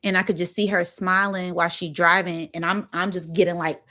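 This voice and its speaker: An animated woman vlogger tells a story in loose, slangy, casual speech. She throws in little spoken sound effects as she goes. Her voice sits a bit low for a woman. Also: fairly quick.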